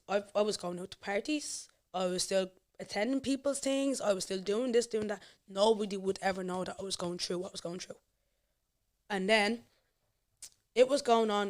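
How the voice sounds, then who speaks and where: A young Irish woman, a podcast guest, candidly telling her personal life story with emotion. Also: medium pitch.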